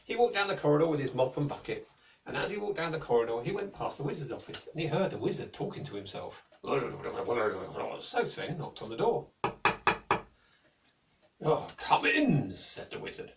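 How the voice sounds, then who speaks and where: A British man tells a children's story with a playful, lilting delivery. His voice is a touch high and swoops widely up and down. It sounds roomy and slightly distant from the mic. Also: sing-song, brisk, vocal fry, background noise. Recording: echoey room, mic at a distance.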